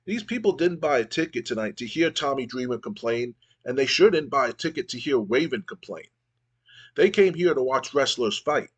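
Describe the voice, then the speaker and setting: A fed-up, gritty brawler speaks bluntly and demands a fight, read aloud by a man. The delivery is raised in pitch and a touch louder than the reader's everyday voice, with little real acting. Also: animated, brisk, slightly rough. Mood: challenging. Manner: blunt, challenging.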